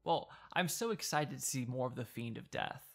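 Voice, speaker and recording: A woman's voice: rumbling low, expressive, normal speed, gravelly. A woman hosting a casual podcast chat, playful and enthusiastic, often laughing. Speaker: podcast host.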